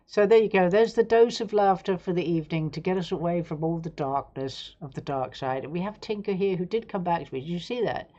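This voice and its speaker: Chatty woman live-streaming, low voice. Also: darkish tone, muffled recording. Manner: chatty, frank, swears freely. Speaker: livestream host. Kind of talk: casual live-stream chat.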